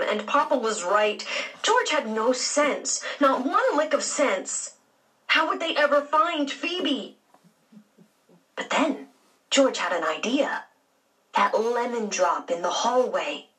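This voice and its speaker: A woman narrating a children's audiobook in an expressive storytelling manner. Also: mid-range voice, far from the mic, low-quality recording.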